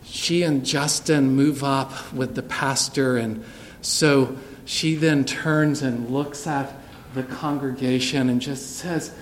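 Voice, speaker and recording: A middle-aged man, preaching a sermon in a church sanctuary, telling a personal story earnestly and dropping soft and low for tender moments. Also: steady tone, slow, a little hiss or hum. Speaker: pastor.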